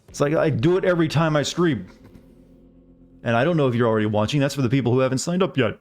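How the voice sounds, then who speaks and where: A male game streamer with an average-pitched voice chats loosely with his live viewers. He rambles and greets them by name as he goes. Soft music plays faintly underneath. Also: fast. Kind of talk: casual chat with live viewers.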